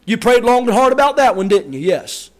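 A man with a strikingly high voice preaches a sermon to his congregation. He acts out the lines of the people he quotes and raises his voice to a shout on key points. The delivery is animated throughout. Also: brisk. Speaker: pastor.

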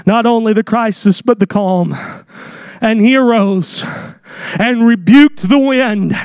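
A man preaching a sermon, swinging between shouted high peaks and hushed whispers. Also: no echo, clean studio sound.

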